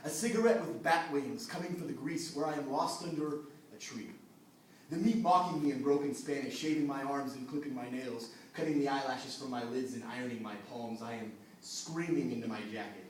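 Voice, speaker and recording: A man performing a spoken word poem at an open mic, swinging between hushed lines and intense delivery. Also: medium pitch, a little fast. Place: event hall at an open mic. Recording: echoey hall, distant mic, faint noise.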